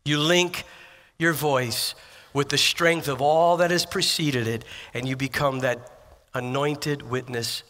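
In a church sanctuary, a man speaks slowly in a medium-pitched, steady voice with a sharp tone. Preaching as pastor, he shares personal stories with earnest emphasis and repeated phrases.

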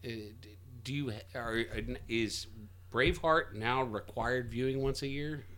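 A man's voice: mid-range voice, fairly bright tone. A man co-hosting a podcast, stammering through repeated starts before landing his jokes in casual chat. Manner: halting, stammering setups for jokes. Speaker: podcast co-host.

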